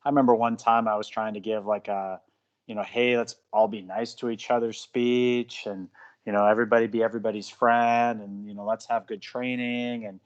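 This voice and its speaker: A man's voice: lowish voice, little pitch movement, a little fast, muffled recording. A man who coaches jiu-jitsu, telling self-mocking stories in a casual podcast chat.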